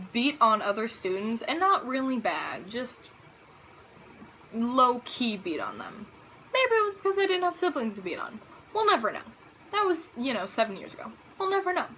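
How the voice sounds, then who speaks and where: A teenage girl with a high voice talks straight to her camera as a casual vlogger. Her pitch swings all over as she tells a story. She sounds dramatic and full of exclamations. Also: fairly bright tone, a little hiss or hum, rough recording. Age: teens.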